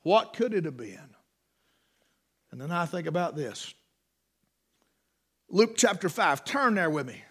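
Male pastor, higher-pitched voice, slow deliberate sermon delivery, swings from forceful to hushed. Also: sing-song, breathy edge. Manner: preaching that swings between loud urgent passages and quiet, low reading of scripture; slow, deliberate delivery with pauses, reading aloud from the King James Bible.

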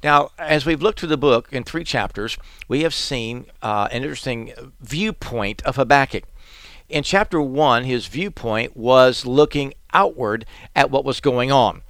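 A man's voice: mid-range voice, expressive, unhurried, a bit bright, dry recording, clean studio sound. A male pastor giving a radio Bible teaching, earnest and plain-spoken, acting out the prophet's words as he explains them.

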